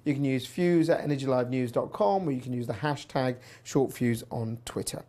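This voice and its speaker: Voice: mid-range voice, fairly quick, dark tone. A presenter telling a personal story in a chatty, wry way while hosting a news show. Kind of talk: casual news commentary.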